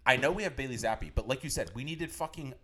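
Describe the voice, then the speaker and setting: A man's voice: medium pitch, lively intonation, fast talker, a bit bright, a little hiss or hum. A man co-hosting a casual sports podcast, talking animatedly with swearing and laughter while debating game decisions. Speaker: podcast co-host.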